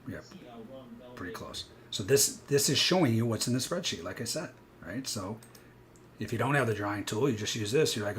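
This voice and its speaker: A man's voice: fairly low pitch, slight background noise. A man coaching viewers through live futures trades, explaining chart patterns and acting out panicked traders with bursts of energy. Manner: animated, acts out panicked traders, rapid asides. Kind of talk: live trading walkthrough.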